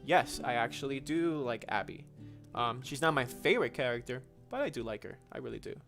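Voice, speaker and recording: A man's voice: mid-range voice, very animated, fairly quick, creaky, fairly bright tone, faint music behind. Chatty young man on a gaming livestream. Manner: chatty, frequent restarts and laughs, slangy. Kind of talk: casual livestream chat answering viewer questions.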